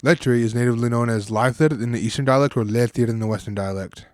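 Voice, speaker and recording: A man's voice: mid-range voice, quick pace, no room sound, studio quality. A man casually explaining and comparing word pronunciations, now and then stopping to rethink as he talks. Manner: casual, thinking aloud with restarts. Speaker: language hobbyist presenter.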